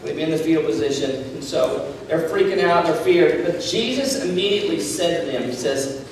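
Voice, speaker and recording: High-voiced preacher in an echoey hall. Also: male voice, moderate pace, vocal fry. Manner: animated storytelling, acting out dialogue. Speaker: youth pastor. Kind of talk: sermon. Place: large echoey meeting hall. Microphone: distant room mic. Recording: echoey hall from far off, faint noise.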